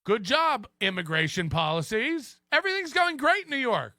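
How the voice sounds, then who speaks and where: Male podcast host, high bright voice, sarcastic ranting commentary, laughs at himself. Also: sing-song, normal speed, no room sound, clean studio sound. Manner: mocking, sarcastic, laughs at own remarks.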